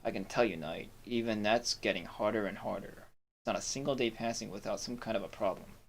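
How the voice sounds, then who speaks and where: A gruff, weary sheriff of a fantasy city, read aloud by a man playing the game. He plods through his lines stiffly, tripping over words now and then. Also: on the low side, fairly quick, slight background noise, lightly acted.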